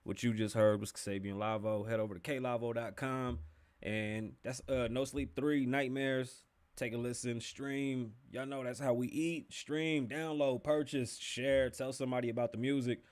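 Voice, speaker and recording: A man's voice: mid-range voice, fairly even intonation, normal speed, darkish tone. Loose, joking man hosting a podcast. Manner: loose, joking, chatty, swears freely. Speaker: podcast host. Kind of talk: casual livestream podcast with sponsor read.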